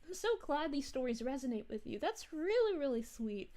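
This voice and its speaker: A woman playing a gentle, sweet space princess as a VTuber, chatting with her live-stream viewers in a soft, bubbly voice with frequent giggles. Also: high-pitched, very animated, moderate pace. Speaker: VTuber streamer reading chat. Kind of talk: live-stream chat in character.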